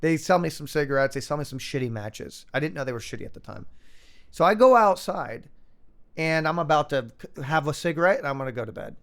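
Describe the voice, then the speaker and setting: A man in his thirties, a podcast guest, telling a long story in a casual, animated way with lots of fillers. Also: fairly high pitch, fairly quick. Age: 30s. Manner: animated anecdote, fillers and acted-out quotes.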